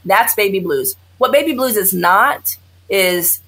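Blunt, husky-voiced woman doctor. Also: medium pitch, measured pace. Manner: blunt, animated, sarcastic, acts out quotes. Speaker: OBGYN doctor, guest. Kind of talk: candid conversational interview.

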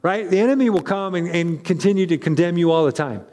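Chatty high-voiced male preacher. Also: fast, in a large hall. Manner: chatty, animated, self-interrupting with asides. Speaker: pastor. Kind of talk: conversational sermon.

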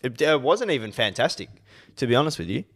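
A man's voice: mid-range voice, very animated, quick pace, fairly bright tone. A young man co-hosting a casual podcast chat, blunt and swearing, with mock outrage. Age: young adult. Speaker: podcast co-host.

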